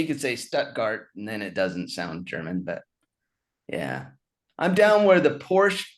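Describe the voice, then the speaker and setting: Wry, lively-voiced comedian on a call. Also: male voice, mid-range voice. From Utah. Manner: wry, self-mocking, laughs often. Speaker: stand-up comedian, guest. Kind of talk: casual chat over a video call. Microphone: video call.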